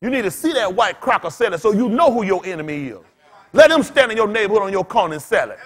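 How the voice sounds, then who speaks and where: A man preaching in loose storytelling style as a pastor, blunt and cussing, laughing as he swings between loud bursts and quiet asides. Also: high voice, sing-song, quick pace, breathy edge. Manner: blunt, street-talking, cussing. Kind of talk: storytelling sermon.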